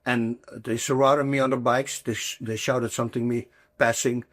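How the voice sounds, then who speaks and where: A man in his sixties from the Netherlands with a Dutch accent, telling stories as a guest in a casual interview, emphatic and animated, with non-native phrasing. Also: medium pitch, moderate pace. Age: 60s. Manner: animated, emphatic storyteller with broken English phrasing.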